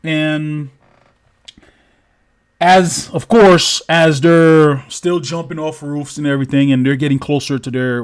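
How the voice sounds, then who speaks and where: A man telling a story in a casual, improvised way: profane and rambling, acting out thuds aloud. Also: medium pitch. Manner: profane, rambling, repeats sound effects.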